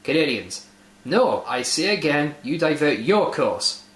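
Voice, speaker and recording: A man voicing a calm, matter-of-fact male lighthouse operator on the radio, in an echoey room. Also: fairly high pitch, measured pace. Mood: deadpan.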